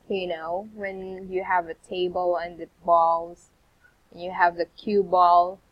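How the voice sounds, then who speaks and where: Female English tutor, patient questioner; slow delivery, slightly husky tone. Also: fairly low pitch, steady tone, muffled recording. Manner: patient, prompting with questions and soft acknowledgements. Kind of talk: online English conversation lesson.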